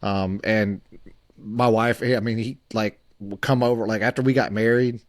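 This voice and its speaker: Guy in his 40s on a podcast, low voice, dry close mic, lots of ums and restarts. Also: steady tone, no echo. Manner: halting, many fillers and restarts. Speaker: podcast co-host. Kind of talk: casual podcast storytelling.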